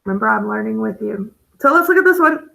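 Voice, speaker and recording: A woman teaching a phonics lesson, explaining patiently with gentle enthusiasm. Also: fairly high pitch, expressive, fast, vocal fry, rough recording.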